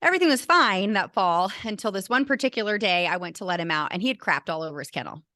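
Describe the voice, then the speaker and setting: A woman's voice: mid-range voice, lively intonation, quick pace, pushed and bright, no room sound, studio quality. A middle-aged woman, a teacher and burnout coach, telling a personal story earnestly and with feeling as an interview guest, often restarting her sentences. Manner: earnest, emotional, with many restarts.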